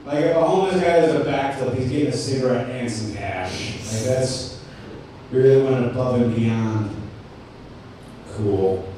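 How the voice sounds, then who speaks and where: At an indoor cafe open mic, a stand-up comic gives a rambling, self-deprecating set full of ums and restarts. His mid-range voice is warm and moves at a moderate pace. The room is very echoey, the mic sits far away, and there's faint background noise.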